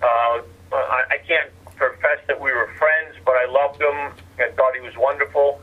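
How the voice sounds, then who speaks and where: A man's voice: mid-range voice, steady tone, moderate pace, husky. A male comedian being interviewed on radio, bantering with wry, incredulous humor. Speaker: guest comedian. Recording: tinny phone line.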